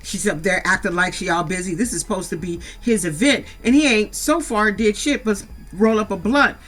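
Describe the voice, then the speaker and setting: A middle-aged woman from San Diego, USA, bluntly recaps a reality show in a casual, profane way, cursing freely and scolding the cast to their faces. Her voice sits at medium pitch with a fairly bright tone, and she keeps a moderate pace.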